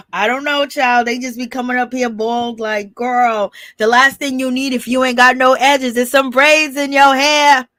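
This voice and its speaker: A woman hosting a casual gossip recap of a reality show, animated and sassy, acting out quotes and laughing often, chatting to a live audience from home. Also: high-pitched, a little slow, dry recording.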